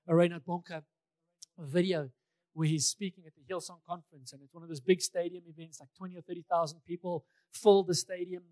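A man's voice: high voice, flat delivery, a little fast, dark tone, no room sound. A male pastor preaching a sermon in a conversational way, repeating key phrases for emphasis, with touches of light humor.

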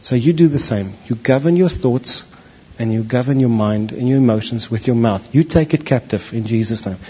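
A man preaching a sermon, animated, acting out the voices of the people in his stories. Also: medium pitch, moderate pace, slightly rough. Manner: animated, acts out voices of biblical figures. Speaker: pastor. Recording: dull lo-fi recording.

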